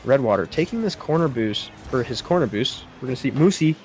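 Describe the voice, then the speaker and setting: A man's voice: mid-range voice, quick pace, slight background noise. Man calling an esports match play-by-play. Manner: steady play-by-play, rising on big plays. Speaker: play-by-play commentator. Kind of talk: esports commentary.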